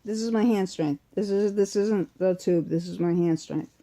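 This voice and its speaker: A woman's voice: medium pitch, moderate pace, warm tone. Chatty woman with a Massachusetts accent. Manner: chatty and rambling, with many fillers and restarts. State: sick and weak. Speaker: vlogger. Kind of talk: casual unboxing chat. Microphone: phone or webcam close in front.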